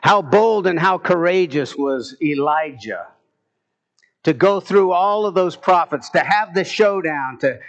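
A man's voice: a little high, animated, unhurried. A man preaching a sermon, building to emphatic bursts as he retells scripture stories. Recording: muffled, dull lo-fi sound.

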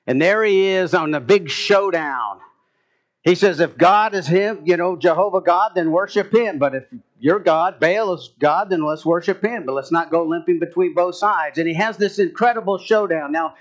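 A man's voice: sits high, normal speed. A man preaching a sermon, building to emphatic bursts as he retells scripture stories. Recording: muffled, dull lo-fi sound.

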